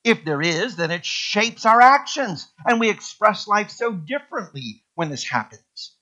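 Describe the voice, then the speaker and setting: A male pastor preaching a sermon in a church, emphatic and repeating key words with sweeping rises in pitch. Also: sing-song, unhurried, sharp tone, highs cut off. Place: church sanctuary.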